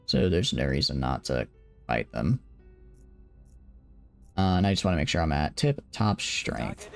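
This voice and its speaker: A man's voice: very deep voice, big pitch swings, measured pace, vocal fry, faint music behind. A tired young man casually commenting on his game during a late-night live stream, rambling and joking at his own expense. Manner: rambling, joking, self-deprecating.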